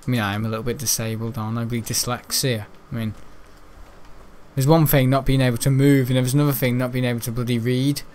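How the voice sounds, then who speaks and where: A man's voice: mid-range voice, steady tone, fast talker, darkish tone. A man rambling chattily as host of gameplay commentary, with casual swearing and restarts. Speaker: gaming channel host.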